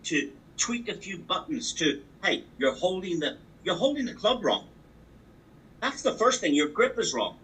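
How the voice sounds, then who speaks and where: A man's voice: sits high, very animated, a little slow, fairly bright tone, far from the mic, poor audio. A man giving a motivational training talk on a call, emphatic and repetitive, driving his points home with sports analogies. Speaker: business opportunity trainer. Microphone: call audio.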